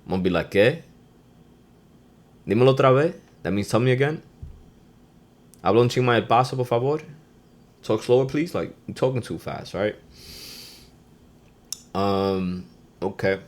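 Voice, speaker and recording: A man hosting his own podcast, giving a casual, slangy lesson and calling out Spanish phrases with loud emphasis. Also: medium pitch, expressive, normal speed, long pauses. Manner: laid-back street slang. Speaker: podcast host.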